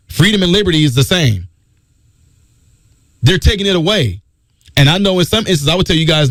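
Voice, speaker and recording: Animated high-voiced male radio host. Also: brisk, pauses often, dry recording, studio quality. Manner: emphatic, preachy, repeats key phrases. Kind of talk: talk radio monologue.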